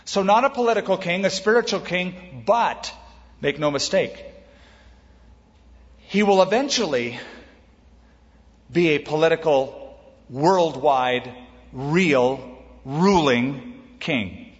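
A man's voice: a little high, animated, slow, pauses often, long reverb tail, highs cut off. A male pastor teaching a sermon, explaining scripture with questions and lists.

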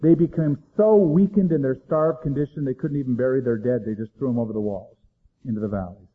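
A man preaching a sermon, dramatic, swinging between loud emphasis and hushed low lines. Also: fast, slightly rough, narrow, tinny audio. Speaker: pastor.

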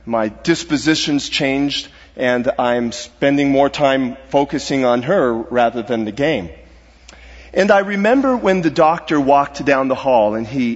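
Earnest man preaching in a reverberant hall. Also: mid-range voice. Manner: earnest, halting, dropping to a hushed voice at serious moments. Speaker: guest speaker. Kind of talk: sermon storytelling. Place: church sanctuary. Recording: dull reverberant hall sound.

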